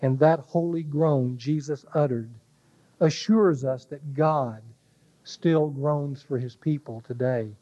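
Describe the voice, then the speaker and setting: High-voiced man preaching a slow sermon. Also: dull audio. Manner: slow, weighty preaching that drops to a hush on key words. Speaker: pastor.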